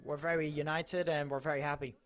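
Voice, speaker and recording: A man's voice: a little high, little pitch movement, a little fast, fairly bright tone. A man from Mallorca, a footballer, giving an earnest, emotional post-match interview with his voice cracking. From Mallorca, Spain.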